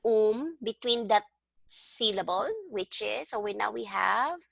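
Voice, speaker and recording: A woman's voice: medium pitch, a little slow, creaky, fairly bright tone, no room sound. A woman teaching a one-on-one language lesson over a video call, patiently explaining step by step and prompting her student. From Philippines. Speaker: language tutor.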